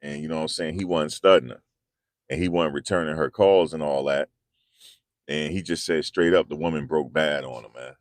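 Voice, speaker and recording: A man's voice: very deep voice, steady tone, normal speed, no echo, clean studio sound. A man hosting a casual commentary video, talking in a loose, slangy, repetitive way. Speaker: commentary channel host.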